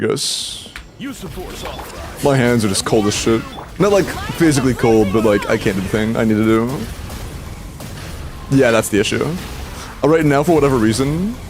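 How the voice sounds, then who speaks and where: A young man livestreaming a video game, talking to himself and chat, frustrated and swearing as he practices a combo. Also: mid-range voice. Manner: frustrated, swearing, self-talk. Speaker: streamer. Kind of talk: live game stream commentary.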